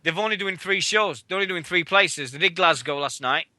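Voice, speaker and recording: A man's voice: sits high, no room sound. A British man co-hosting a wrestling radio show, ranting in casual, sweary chat. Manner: swearing, excitable, fast ranting.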